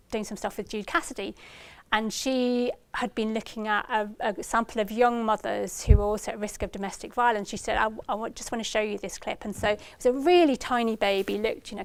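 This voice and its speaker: A woman with a somewhat high voice gives a research lecture to practitioners, explaining ideas through examples. She acts out parents' lines in a lifted voice. The recording is dry.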